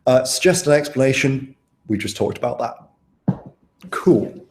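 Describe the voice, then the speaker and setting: A man's voice: mid-range voice, expressive, measured pace, darkish tone. Casual young man tutoring, roomy sound. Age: young adult. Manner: casual, chatty, asks students questions. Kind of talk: live online tutoring session.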